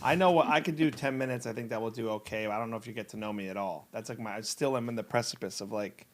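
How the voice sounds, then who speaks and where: Fast-talking male podcast host. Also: mid-range voice. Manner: eager, encouraging, quick back-and-forth. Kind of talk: casual podcast chat.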